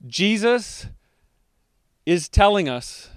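Pastor guy preaching, smooth clear voice, dry sound, drags out words for emphasis. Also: sits high, big pitch swings, no echo. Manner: emphatic, slows down to stress key words. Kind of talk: sermon.

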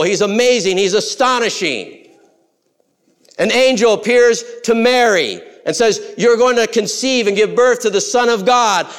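Animated male preacher, fairly high voice. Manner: animated, swings between loud exclamations and hushed asides. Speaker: pastor. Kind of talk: sermon.

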